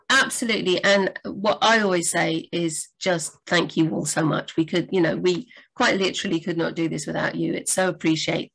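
A woman co-hosting a live writing Q&A over a video call. Her voice sits a little low, and she talks in a chatty, rambling way, full of restarts and sudden animated leaps upward. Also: normal speed, creaky, slightly rough. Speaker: book editor and co-host. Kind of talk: live Q&A chat.

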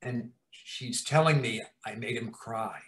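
A man, a TV writer-producer, telling profane, animated stories in an interview and acting out scenes. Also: medium pitch, unhurried. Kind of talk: anecdotal storytelling in an interview. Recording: roomy echo.

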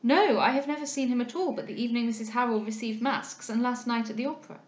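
A woman's voice: fairly high pitch, fast talker, roomy sound, lightly acted. A woman voicing an anxious, earnest young heiress in a novel reading, asking urgent, pleading questions.

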